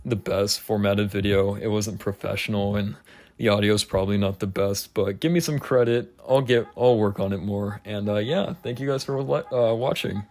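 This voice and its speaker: A man's voice: lowish voice, moderate pace, darkish tone. Rambling, profane young man. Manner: rambling, profane, laughing, slightly slurred. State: not sober. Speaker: vlogger. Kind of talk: casual storytelling rant.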